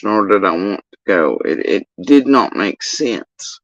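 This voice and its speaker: Agitated man ranting, lively pitch. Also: a little slow, no room sound. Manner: agitated, profane, repeats himself. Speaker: livestreamer recounting personal events. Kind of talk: rambling livestream monologue. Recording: dull lo-fi stream audio.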